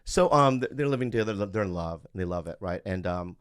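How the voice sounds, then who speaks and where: A man on a comedy podcast, telling crude jokes in casual banter. His pitch swings a lot, and he keeps breaking into high giggles. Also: expressive, quick pace, clean tone. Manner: giggly, bursts into high laughs. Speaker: podcast co-host.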